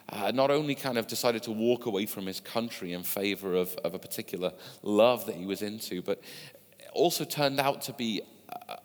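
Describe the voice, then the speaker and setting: Male preacher, fairly low voice, conversational storytelling sermon. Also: gravelly. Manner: conversational storytelling with asides to listeners. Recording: long hall reverb.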